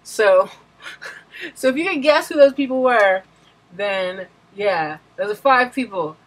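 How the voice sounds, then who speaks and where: A woman's voice: medium pitch, animated, takes it slowly. A woman hosting a web show who chats casually and bubbly with her viewers. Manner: bubbly, giggly.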